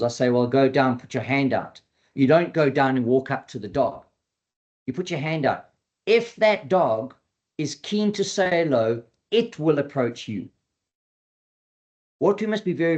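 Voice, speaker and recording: The audio is dull, carrying a medium-pitched man's voice. A dog behavior trainer, he earnestly teaches in a webinar, repeating his key ideas and acting out quoted dialogue with lively energy.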